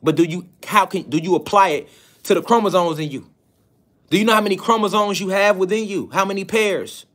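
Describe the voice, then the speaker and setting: A man with a somewhat high voice gives a preaching-style lecture to his students. He presses the listener with rhetorical questions and repeats key phrases for emphasis. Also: fairly quick, a bit bright. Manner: hammers points with rhetorical questions.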